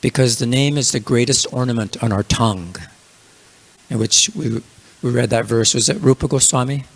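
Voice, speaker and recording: Gravelly man giving a casual scripture class. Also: medium pitch, normal speed. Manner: casual, filler-heavy storytelling. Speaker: religious class speaker.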